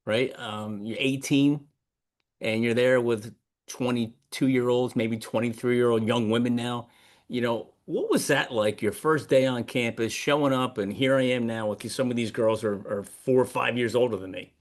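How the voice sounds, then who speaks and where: A man's voice: medium pitch, steady tone, normal speed. A man with a mid-range voice hosts a podcast interview. He talks casually and loosely with plenty of "you know," piling one question on top of another. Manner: casual, chatty, stacks several questions in a row. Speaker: podcast host.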